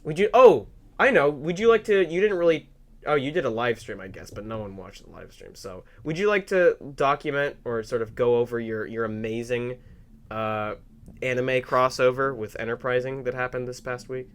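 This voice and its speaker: A young man hosting a podcast in casual banter, sarcastic and quick to laugh. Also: mid-range voice. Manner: animated, jokey, sarcastic, laughs often. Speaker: podcast host.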